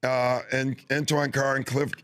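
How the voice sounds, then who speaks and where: A former basketball player chatting casually as a guest, relaxed and laughing while he recalls things. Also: medium pitch, unhurried. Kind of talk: casual chat.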